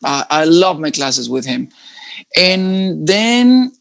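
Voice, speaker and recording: A man's voice: on the high side, big pitch swings, slow pace, vocal fry, fairly bright tone. A man from Mexico with a Mexican accent who speaks English as a second language. He chats casually as a guest and laughs often. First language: Spanish. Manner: laughs often, says "bro" a lot. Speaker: guest salsa dancer. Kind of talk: casual interview chat.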